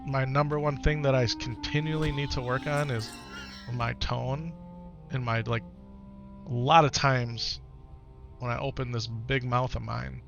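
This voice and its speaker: A middle-aged man with a gravelly, fry-edged voice of ordinary pitch chats live to his stream audience. He talks earnestly and reflectively, circling back to repeat his points, with soft music playing faintly behind him. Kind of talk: casual chat to stream viewers.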